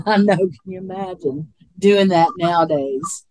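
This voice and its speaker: A woman's voice: on the low side, a little slow, a little mellow, slight background noise. A woman co-hosting a podcast in casual chat, rambling and laughing a lot. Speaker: podcast co-host.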